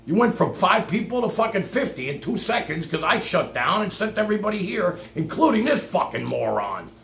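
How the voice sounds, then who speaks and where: Gravelly profane man ranting on stream. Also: high voice, big pitch swings, fairly quick, a bit bright, a little hiss or hum. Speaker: livestream host. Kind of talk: heated livestream rant. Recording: echoey room.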